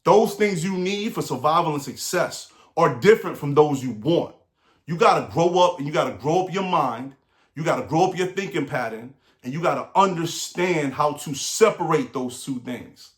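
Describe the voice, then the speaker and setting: A man's voice: fairly high pitch, lively intonation, moderate pace, roomy sound. A middle-aged man giving an earnest, repetitive motivational talk, often checking in with the listener. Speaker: motivational speaker.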